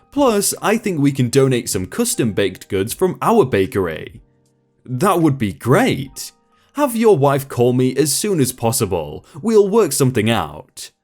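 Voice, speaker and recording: A man's voice: mid-range voice, a little mellow. A man reading out stories and commenting on them, reading the quoted lines in character and breaking off to react. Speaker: story narrator.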